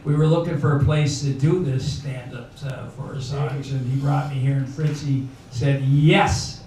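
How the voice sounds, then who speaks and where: A man's voice: mid-range voice, steady tone, normal speed, warm tone. A man in his late seventies hosting a comedy benefit on stage, in a rambling, folksy way full of fillers. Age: older. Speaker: emcee. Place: bar venue. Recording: echoey bar, far mic, crowd noise.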